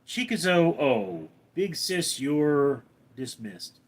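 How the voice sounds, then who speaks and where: A man's voice: fairly high pitch, very animated, takes it slowly. Man casually reading his live chat. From Los Angeles, California. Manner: reads viewer names and comments aloud, answers briefly. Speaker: livestream host reading chat.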